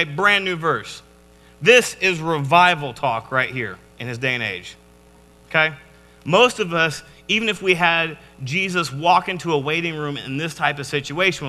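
An animated man gives a youth sermon, his voice high and bright. He jokes with the room and acts out the scenes he reads. The sound carries a long echo from the church hall. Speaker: youth pastor. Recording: echoey hall.

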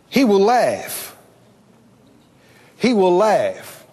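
A male preacher giving a sermon, animated, questioning his congregation and laughing often. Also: high voice, takes it slowly, long pauses, big-room sound.

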